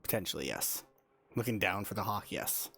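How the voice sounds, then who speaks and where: Low-voiced guy running a tabletop game, calm, lots of ums. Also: gravelly, breathy edge. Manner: calm, measured, with frequent 'um's. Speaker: dungeon master.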